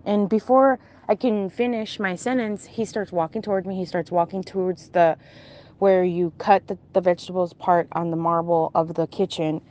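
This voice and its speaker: A woman casually recounting a strange dream, pausing often and restarting as she searches for words. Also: lowish voice, steady tone, a little mellow, highs cut off. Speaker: storyteller.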